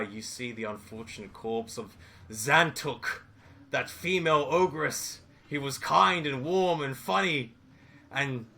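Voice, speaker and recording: Bright-voiced man narrating a tabletop game. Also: medium pitch, vocal fry, slight background noise. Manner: lively, improvised storytelling with restarts. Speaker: game master.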